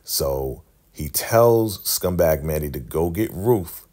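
A man with a low voice chats through a TV episode recap. He sounds casual and lively, tosses in asides, and asks his viewers questions. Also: slow. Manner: chatty, animated storytelling. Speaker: YouTube TV recap host.

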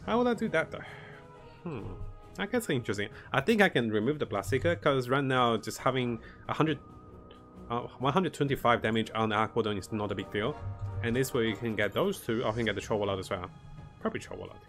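A man's voice: medium pitch, lively intonation, quick pace, fairly bright tone, faint music behind. Chuckling man streaming a strategy game. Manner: thinks aloud, chuckles often, greets viewers. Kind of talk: live gameplay commentary.

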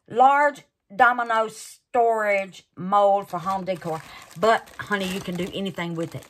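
A woman's voice: mid-range voice, measured pace. A woman hosting a craft channel, unboxing gifts in casual chat and gushing over them with terms like honey and baby.

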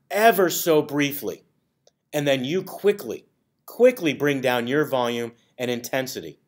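A man with an American accent giving a training presentation in a conversational manner, using many fillers and acting out example phrases. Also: mid-range voice.

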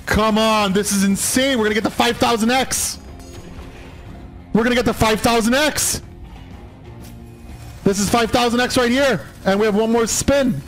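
A man streaming slot spins from home, screaming and laughing in disbelief at his wins, his voice hoarse and nearly gone. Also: extremely high pitch, fairly even intonation, normal speed, pauses often, fairly bright tone, soft background music, low-quality recording. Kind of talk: excited live-stream reaction.

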